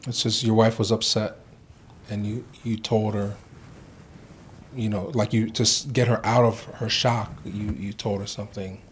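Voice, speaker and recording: A male interviewer who asks questions haltingly and restarts his sentences. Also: on the low side, level tone, slight background noise.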